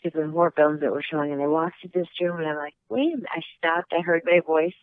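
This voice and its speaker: A woman's voice: deep voice, level tone, fast talker, no room sound. A woman guest chatting by phone, out of breath, telling stories and laughing easily. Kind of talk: casual phone interview. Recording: tinny phone line.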